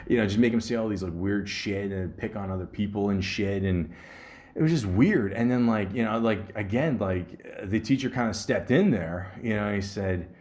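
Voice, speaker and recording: A man's voice: lowish voice, a little mellow. A man hosting a podcast, telling a story in a rambling, profane way, full of fillers. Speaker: podcast host.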